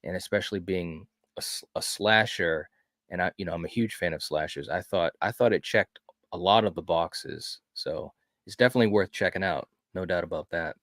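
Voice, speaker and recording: A man's voice: low-pitched, fairly bright tone, no room sound, clean studio sound. A man who is a guest on a live watch-party, chatting casually about movies with a lot of restarts. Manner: halting, many restarts and filler words. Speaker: guest co-host.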